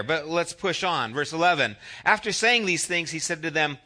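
Man, middle-aged pastor, very bright tone, slightly high voice, chatty storytelling sermon. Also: lively intonation, moderate pace, few pauses. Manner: conversational, anecdotal preaching with voiced asides.

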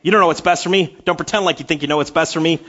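A man voicing a stubborn, defiant little boy who loudly protests. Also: fairly high pitch, fairly even intonation, very fast, muffled recording, a little hiss or hum, voice pushed up, lightly acted. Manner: loud, insistent protesting.

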